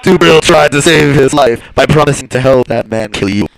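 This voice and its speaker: A man's voice: mid-range voice, normal speed, vocal fry, natural voice, low-quality recording. An actor playing an invisible male crime-fighter, cool, assured and commanding, in 1940s radio acting style.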